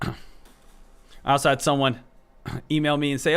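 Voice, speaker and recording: Upbeat stock-stream host, bright voice. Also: male voice, on the high side, little pitch movement, moderate pace, clear, resonant tone. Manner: upbeat, chatty, repeats phrases, addresses viewers as team. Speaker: stock trading livestream host. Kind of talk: live trading commentary.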